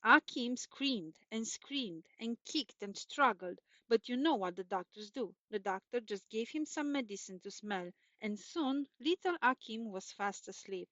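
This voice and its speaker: A woman's voice: a little high, animated, measured pace, few pauses, a bit bright, no echo. Woman reading a children's story aloud. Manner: lilting, repetitive storytelling. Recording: dull, dry recording.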